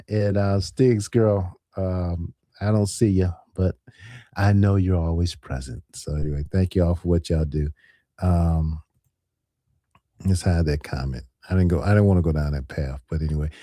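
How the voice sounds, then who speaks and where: A man hosting a livestream in a casual, animated way, laughing often as he reads and answers his viewers' comments. His pitch leaps up and down expressively. The sound is close and dry, with no room echo. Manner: animated, laughs often, talks back to chat. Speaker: livestream host. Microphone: headset or desk mic with earphones.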